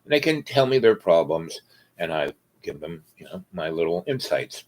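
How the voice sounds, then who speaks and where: This vlogger has a deep, sing-song voice and speaks at a normal speed. Chatting casually to viewers, he meanders through a story with plenty of fillers, restarts, and small laughs in the middle of sentences.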